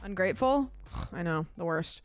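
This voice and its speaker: A woman's voice: on the low side, animated, moderate pace, faint music behind. A young adult woman livestreaming from her desk, rambling chattily and thanking donors between stories. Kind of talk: casual stream chat.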